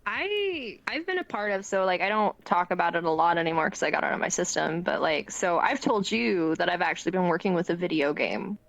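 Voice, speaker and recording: A woman's voice: fairly low pitch, animated, brisk, creaky, hardly any pauses, fairly bright tone, no echo. A woman, a voice actress guest on a casual interview show, chatty and playfully joking.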